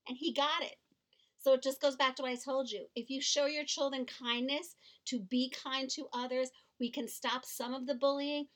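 A middle-aged woman with a slightly high voice speaks as a podcast co-host. She tells a personal story in an earnest, heartfelt way, with the small repetitions of unscripted talk. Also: steady tone, normal speed, a bit bright.

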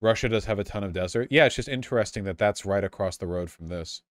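A man streaming live, chatting casually and excitably with his viewers, swearing freely. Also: lowish voice, fast talker, no room sound, studio quality.

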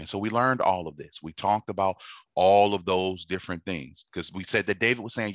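A man's voice: low-pitched, a little fast, no echo. A man preaching a sermon in a conversational teaching manner, repeating phrases and checking in with his listeners. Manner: repetitive, conversational teaching with frequent check-ins.

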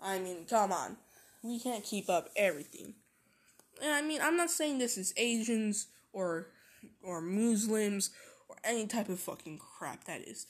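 A woman's voice: medium pitch, animated, a little slow. A woman vlogging in a casual rant, swearing constantly and repeating herself.

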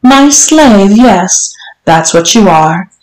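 A woman voicing a haughty, mocking wealthy older lady who talks in a teasing, imperious, drawn-out way. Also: medium pitch, lively intonation. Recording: roomy echo.

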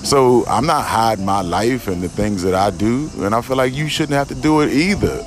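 Male, mid-pitch, profane and emphatic, rambling outdoor spiritual monologue with a faint music bed. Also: lively intonation, moderate pace. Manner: profane, emphatic, repeats himself, frequent restarts. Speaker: podcast host. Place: outdoors in a garden.

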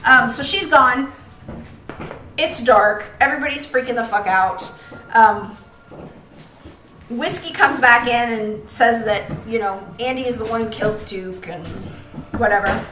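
A woman co-hosting a podcast, chatting and recapping a movie in an animated way, swearing freely. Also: on the high side, a little slow, long pauses, echoey room, slight background noise, rough recording. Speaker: podcast co-host. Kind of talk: casual movie recap chat.

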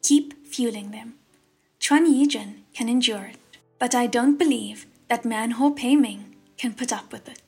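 A woman voicing an arrogant, hot-tempered ghost king in an audiobook, with a slow, mocking drawl. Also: fairly high pitch, gravelly, darkish tone, husky, soft background music, heavily acted. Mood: smug.

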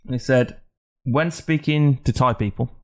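A man's voice: mid-range voice, normal speed. A man hosting a casual podcast chat, talking bluntly with lots of swearing and rambling asides. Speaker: podcast host.

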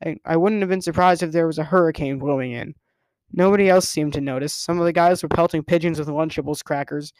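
A man's voice: a little high, fast, a little mellow, no echo. A man reading a novel aloud as first-person narrator, in a casual storytelling way with the odd stumble. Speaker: reader.

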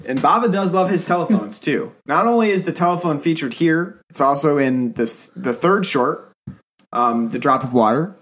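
A man co-hosting a casual film podcast, talking in a hesitant way with many pauses and fillers. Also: fairly high pitch, lively intonation, a bit bright. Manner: hesitant, many ums and uhs. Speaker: podcast co-host.

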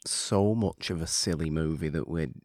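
A man hosting a podcast, chatting casually and rambling with self-mocking humor and sudden excited bursts. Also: extremely low pitch, normal speed, no echo, studio quality. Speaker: podcast host. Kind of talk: casual chat.

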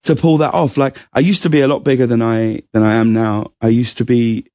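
In clean studio sound with no echo, a man with a mid-range voice talks briskly as an interview show guest. He's an animated storyteller who shares anecdotes and performs quotes by raising his voice.

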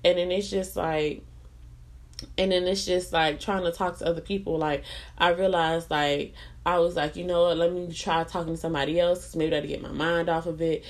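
A woman's voice: fairly low pitch, little pitch movement, moderate pace. A young adult woman venting bluntly and profanely about a relationship, repeating herself for emphasis. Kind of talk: candid relationship venting monologue.

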